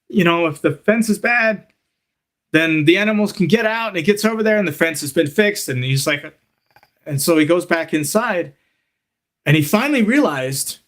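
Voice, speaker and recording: A man's voice: on the high side, a bit bright. A man teaching a live lesson to kitchen workers, talking straight to them and telling stories with asides like "okay?" and "you know". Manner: storytelling, direct address with frequent "okay?" and "you know". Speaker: culinary instructor.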